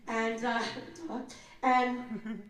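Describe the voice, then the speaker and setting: A slightly high-voiced woman answers fan questions on a convention panel, telling animated, jokey stories and slipping into voices. She is picked up from across a very echoey room, so she sounds distant. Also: extremely slow. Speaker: voice actor, panel guest.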